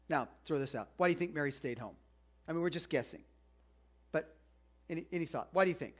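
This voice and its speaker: A man with a fairly high voice preaching to a congregation. He keeps it loose and chatty, stopping to ask his listeners questions. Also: expressive, brisk, pauses often. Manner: conversational, asks the congregation questions. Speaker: pastor. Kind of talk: sermon.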